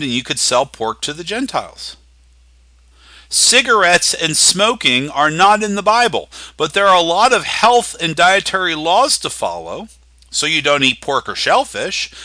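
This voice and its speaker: A man preaching a sermon as pastor, teaching with emphatic, slowly stressed phrases. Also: mid-range voice, pushed and bright, dry recording.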